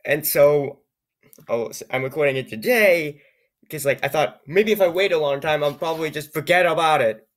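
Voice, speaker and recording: A man reading an odd, computer-written story aloud, with low-key, wry remarks on the text and frequent stumbles over words. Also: moderate pace. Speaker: YouTuber reading AI-generated stories. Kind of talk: comedic reading with asides.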